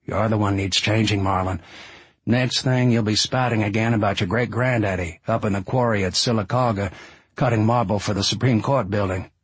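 A man with a husky voice playing a smooth, calm real estate man who gently chides his friend. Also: fairly low pitch, normal speed, dry recording. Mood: chiding. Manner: soothing, chiding.

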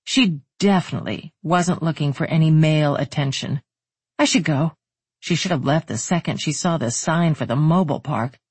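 An audiobook narrator reading a novel in steady, even storytelling. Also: mid-range voice, a little fast, few pauses, slightly rough, no room sound.

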